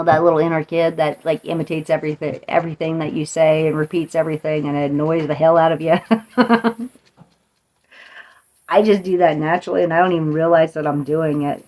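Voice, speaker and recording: Playful motivational woman, low voice. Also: flat delivery, fairly quick, darkish tone. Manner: playful, laughs often, slips into voices. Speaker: podcast host. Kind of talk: motivational monologue.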